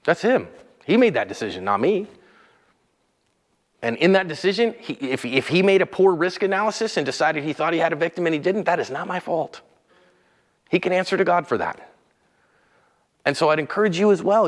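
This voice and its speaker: A man hosting a casual instructional talk, earnest and emphatic, dropping low and quiet when he describes staying calm. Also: moderate pace, long reverb tail. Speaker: host.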